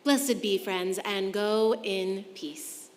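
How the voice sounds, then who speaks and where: A woman assistant minister speaking a measured, solemn closing blessing. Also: medium pitch. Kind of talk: closing benediction. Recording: echoey church hall.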